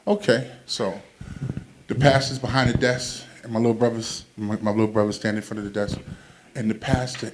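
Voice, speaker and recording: A man's voice: mid-range voice, fairly quick, slight background noise. Man telling stand-up stories on stage. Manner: animated, acts out quotes with loud shouted punchlines. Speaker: stand-up comedian. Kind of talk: stand-up storytelling. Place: comedy club stage.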